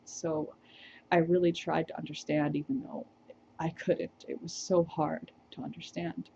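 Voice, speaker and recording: A woman's voice: low-pitched, flat delivery, unhurried, creaky, warm tone, muffled recording, a little hiss or hum. A woman vlogger telling a personal story to the camera, reflective and hesitant, with small laughs.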